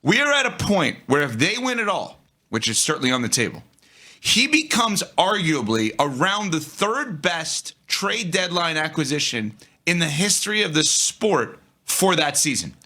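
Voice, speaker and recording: A man co-hosting a sports talk show, arguing his take in an animated way and speaking straight to the audience. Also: fairly high pitch, normal speed. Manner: animated, talks to the audience directly.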